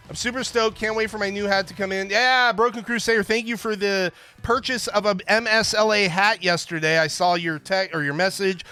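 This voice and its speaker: A male stream host rambles and jokes with his viewers in a loose, casual way. His voice sits high and sounds bright and forward. Faint music plays underneath. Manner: rambling, jokey, chatting with viewers. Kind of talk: casual livestream chat.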